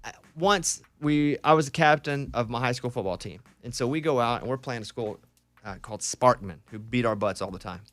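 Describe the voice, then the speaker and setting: A man hosting a casual morning radio show, telling animated stories and acting out shouted quotes. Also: medium pitch, fairly quick, no room sound. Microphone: studio microphone.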